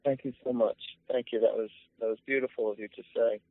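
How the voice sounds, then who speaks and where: A man, a guest medium telling a casual story in an earnest, halting way, with many restarts. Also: medium pitch, steady tone, no echo. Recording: tinny phone line.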